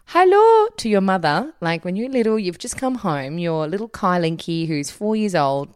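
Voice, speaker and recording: A woman's voice: on the low side, animated, normal speed, clean tone. A woman hosting a podcast in casual chat, giggly and teasing. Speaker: podcast host.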